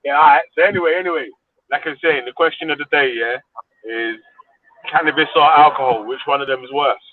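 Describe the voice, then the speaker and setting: A man hosting a casual chat, excitable and cutting in on the others. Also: fairly high pitch, fast talker, no room sound. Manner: excitable, interrupting. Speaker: show host. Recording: tinny phone line.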